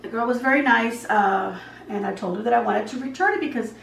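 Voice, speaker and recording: A woman's voice: a little high, fairly quick, creaky, fairly bright tone, far from the mic, slight background noise. A woman telling a long story in a chatty, rambling way while she cooks at home. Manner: chatty, rambling with many asides. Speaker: vlogger. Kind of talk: casual storytelling while cooking. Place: home kitchen. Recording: echoey kitchen, voice from off-mic.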